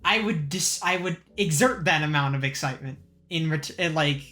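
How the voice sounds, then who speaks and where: A young woman hosting a casual group podcast chat, even-keeled in tone, laughing often and restarting her sentences. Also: sits low, normal speed, soft background music. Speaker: podcast host and organizer.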